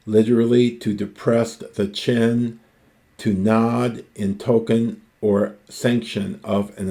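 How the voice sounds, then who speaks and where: A man teaching ancient Greek, reading Homer slowly and stopping to explain each word. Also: lowish voice, gravelly, warm tone. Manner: slow, deliberate, repeats and parses each word.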